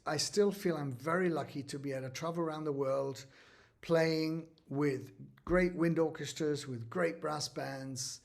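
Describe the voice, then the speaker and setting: A man, a guest musician, talking animatedly in a conversational interview and often saying "you know". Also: a little high. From United Kingdom.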